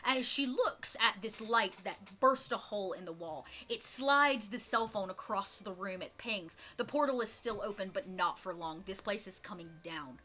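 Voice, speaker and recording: A woman narrating a tabletop role-playing game as game master, descriptive and quick to laugh. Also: medium pitch. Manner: lively, descriptive, laughs often.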